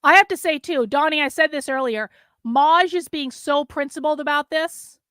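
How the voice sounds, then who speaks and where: Female livestream host, high pitch, dry close mic, blunt and profane. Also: normal speed, a bit bright, no room sound. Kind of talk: livestream commentary reacting to clips and reading viewer messages.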